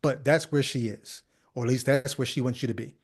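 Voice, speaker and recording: A man's voice: mid-range voice, steady tone, brisk, slightly rough. A man hosting a podcast, giving critical commentary on a video clip in a skeptical, conversational way full of rhetorical questions. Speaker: podcast host.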